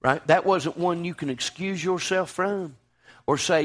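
Male preacher, higher-pitched voice, impassioned sermon with sharp loud-to-soft swings. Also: takes it slowly. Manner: fervent, swings from loud declaiming to hushed.

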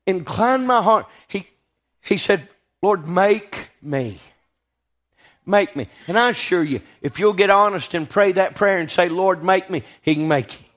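A man with a high, light voice preaching a sermon. He leans on call-and-response, keeps checking in with his listeners, and drags out scripture lines for weight before climbing to emphatic peaks. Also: normal speed, few pauses, a bit bright. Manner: call-and-response preaching, frequent "Right?" and "Amen".

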